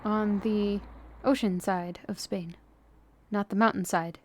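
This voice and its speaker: A woman's voice: mid-range voice, steady tone, slow, a little hiss or hum. An American woman streaming a video game, chatting with viewers in a playful, teasing way. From United States. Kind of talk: live-stream commentary.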